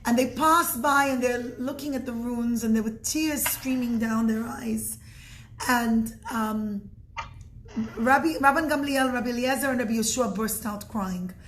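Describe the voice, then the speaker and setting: A woman's voice: fairly high pitch, a little slow, a little hiss or hum. A woman giving an informal religious talk, telling stories earnestly and often restarting and correcting herself. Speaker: religious teacher.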